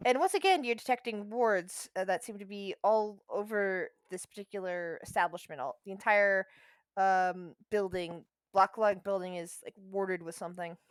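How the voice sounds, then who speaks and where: A woman's voice: medium pitch, normal speed, smooth, dry recording. A woman narrating as game master of a tabletop game, chatty and often searching for words mid-sentence.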